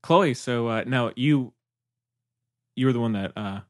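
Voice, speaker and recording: A man's voice: mid-range voice, a little slow. A young man co-hosting a casual film review podcast, easygoing and a bit hesitant, with many fillers. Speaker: podcast co-host.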